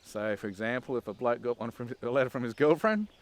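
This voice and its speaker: A man's voice: medium pitch, expressive, quick pace. A man, recalling his army training in a casual, wry documentary interview, with frequent "um"s and "and"s. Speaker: former army recruit, interviewee. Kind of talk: documentary interview, anecdotal recollection.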